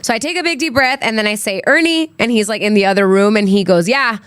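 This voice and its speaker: A woman's voice: medium pitch, animated, quick pace, clear, resonant tone, no echo, clean studio sound. A young adult woman hosting a podcast, telling a personal story in a candid, chatty way with lots of "like" and "um". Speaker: podcast host. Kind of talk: casual solo podcast storytelling.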